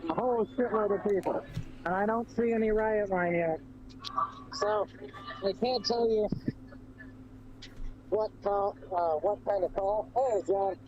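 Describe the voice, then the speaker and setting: A man reports from the street on his phone, describing what he sees in a halting, observational way. His voice sits high but sounds mellow, and the phone audio is muffled with faint noise behind it. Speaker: street livestreamer. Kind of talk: on-the-ground live reporting.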